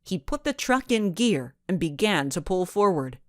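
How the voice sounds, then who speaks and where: A woman narrating a children's storybook in an expressive, measured way. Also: on the low side, no echo, clean studio sound. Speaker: audiobook narrator.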